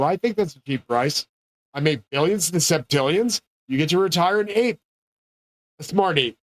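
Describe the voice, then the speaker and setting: A man's voice: on the high side, dry recording. A man delivering a rambling solo monologue, ranting in a profane, grandiose way. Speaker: streamer.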